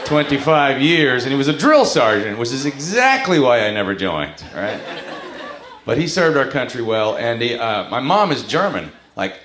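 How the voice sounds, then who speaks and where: Animated stand-up comic in a roomy club. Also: male voice, medium pitch, crowd noise, noisy background. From Texas. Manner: animated storytelling with quick asides. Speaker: stand-up comedian. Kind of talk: live stand-up comedy. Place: comedy club with full audience. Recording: roomy club with loud audience laughter.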